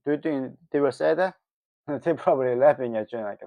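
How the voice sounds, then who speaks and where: A man from North Korea with a North Korean accent, speaking English as a second language in a casual opinion monologue, halting with many fillers and breaking into heated, mocking asides. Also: mid-range voice, lively intonation, gravelly, darkish tone, dry recording. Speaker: vlogger. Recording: dull lo-fi dry recording.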